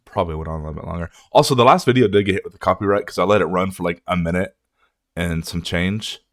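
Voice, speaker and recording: Guy ranting and cussing on his music reaction channel, lowish voice, dry close sound. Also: quick pace, no echo. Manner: ranting, profane, animated. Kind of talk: casual reaction commentary.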